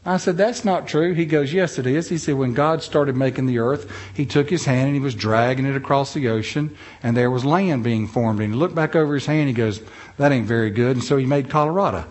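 A middle-aged man with a North Carolina Southern accent gives a humorous storytelling talk, sharing funny stories in a folksy, self-deprecating way. His voice is medium-pitched and a little fast.

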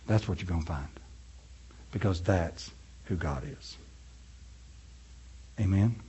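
A man preaching a sermon to his congregation in a conversational way, asking them questions and swinging from loud, high preaching to quiet, low and soft delivery. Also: slow pace, a little hiss or hum. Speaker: pastor.

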